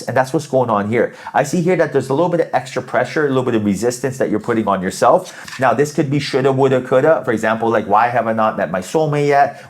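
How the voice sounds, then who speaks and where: A man giving a tarot reading in a casual, coaching way, acting out inner thoughts as he explains. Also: medium pitch. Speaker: tarot reader.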